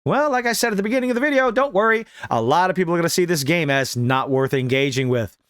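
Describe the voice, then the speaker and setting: A man's voice: sits high, lively intonation, fast talker, fairly bright tone, smooth, dry recording, studio quality. A man reading a news article aloud and mocking it with sarcastic asides. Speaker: commentary host.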